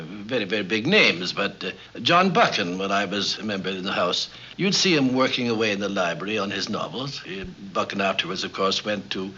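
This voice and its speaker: Genial older Canadian man, bright voice. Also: fairly low pitch, slight background noise. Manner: genial, witty storyteller with frequent "uh" pauses. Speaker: interview guest, member of Parliament. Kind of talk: formal anecdotal interview. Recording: dull lo-fi 1950s film sound.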